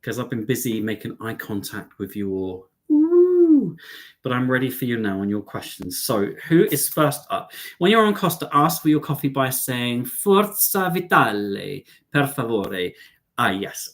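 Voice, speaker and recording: Excitable British man chatting to his viewers. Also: mid-range voice. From United Kingdom. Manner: chatty and animated, excitable, addresses viewers as darling and lovelies. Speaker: travel vlogger hosting a live stream. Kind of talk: casual live-stream chat with viewers.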